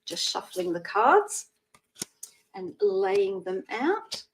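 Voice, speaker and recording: A woman's voice: medium pitch, big pitch swings, extremely slow, distant mic, a little hiss or hum, low-quality recording. A woman in her sixties hosting a live psychic reading show, chatty and thanking viewers by name as she explains old traditions.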